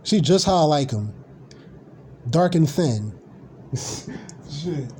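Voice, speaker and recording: A man's voice: fairly high pitch, lively intonation, slow, mellow, slight background noise. A man ranting casually on a live stream, blunt, profane and rambling.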